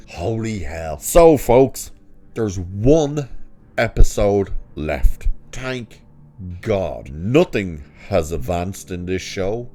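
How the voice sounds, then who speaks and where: A deep-voiced man tears into a TV episode in an exasperated rant. He sounds sarcastic and swears freely, and his voice leaps up high whenever he mocks what he saw. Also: darkish tone. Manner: wide swings in pitch when mocking. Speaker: show reviewer. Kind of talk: ranting episode review.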